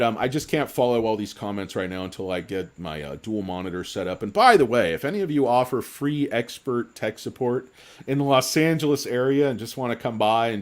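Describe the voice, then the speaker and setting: A tipsy man hosting a casual livestream, rambling jokily and reading out chat names. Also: mid-range voice. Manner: rambling, jokey, reads chat aloud. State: tipsy from drinking. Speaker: livestream host.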